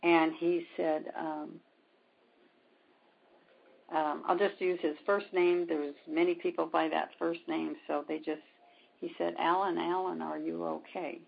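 A woman guest speaking of her healing work, retelling events with quoted dialogue and many pauses and ums. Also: low-pitched, level tone. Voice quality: gravelly, husky. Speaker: spiritual healer guest. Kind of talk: storytelling in a conversation. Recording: dull lo-fi sound.

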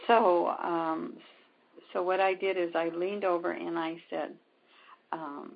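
A woman guest speaking of her healing work, retelling events with quoted dialogue and many pauses and ums. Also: on the low side, fairly even intonation. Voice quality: gravelly, husky. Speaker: spiritual healer guest. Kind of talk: storytelling in a conversation. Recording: dull lo-fi sound.

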